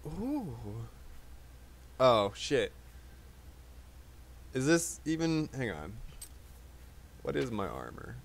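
A man's voice: medium pitch, huge pitch swings, very slow, vocal fry, pauses often. A man hosting a casual let's play, commenting loosely and swearing freely as he plays. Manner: loose, profane, chatty.

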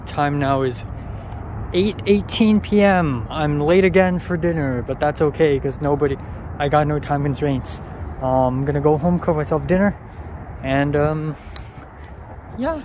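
A man's voice: on the high side, darkish tone, a little hiss or hum, rough recording. Rambling young man vlogging at home. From Hong Kong. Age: young adult. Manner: rambling and self-deprecating, many fillers. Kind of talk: casual vlog talk.

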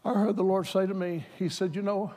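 A man preaching a sermon, moving from plain talk to loud, fervent exhortation. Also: fairly even intonation, a little fast. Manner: builds from plain talk to shouted, high-pitched fervor. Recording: hall reverb.

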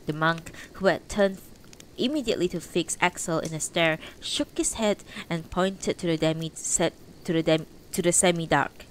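A woman's voice: lowish voice, normal speed, fairly bright tone, a little hiss or hum, low-quality recording. A woman reading a novel aloud on a livestream, unpolished, correcting her slips as she goes. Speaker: audiobook reader on a livestream.

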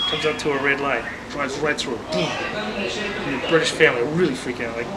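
A man casually telling a joke in a relaxed storytelling manner, over loud crowd noise. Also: medium pitch, brisk, distant mic.

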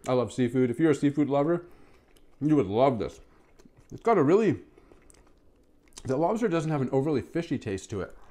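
A man reviewing food on camera in a casual, enthusiastic way, humming with pleasure while he eats. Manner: enthusiastic, lots of mmm sounds while eating; chatty with his pet in a high, excited voice.

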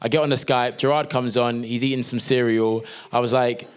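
Smooth-voiced British man telling a story. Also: medium pitch, fairly even intonation, a little fast. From Britain. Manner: chatty, lots of fillers and restarts. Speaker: actor guest. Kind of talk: casual interview storytelling.

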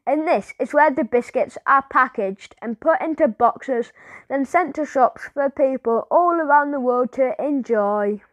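Lady reading a stern proper tour guide lady, high and dry. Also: unhurried, no echo. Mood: formal. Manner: stern, polite and formal.

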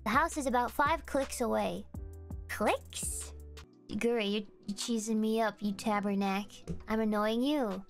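A woman's voice: fairly high pitch, normal speed, hardly any pauses, faint music behind. A young woman streamer chatting casually with her viewers, playful and giggly as she reads through a list. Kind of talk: casual livestream chat.

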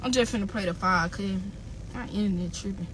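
A woman's voice: mid-range voice, fast talker, a bit bright, a little hiss or hum. A woman rapper ranting angrily on a livestream. She swears constantly and keeps hammering the same insults and phrases. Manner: heated, profane, repeats insults. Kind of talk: angry livestream rant.

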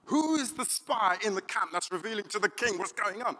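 A man's voice: high voice, expressive, a little fast, sharp tone, pitched above the performer's own voice, full character voice. A man, playing a suspicious, commanding ancient king in a demanding, accusing way during a sermon. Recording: reverberant church hall.

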